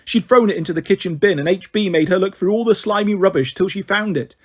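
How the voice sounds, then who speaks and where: A man reading aloud and voicing a cheerful, clumsy young girl witch in excited chatter. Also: sits high, quick pace.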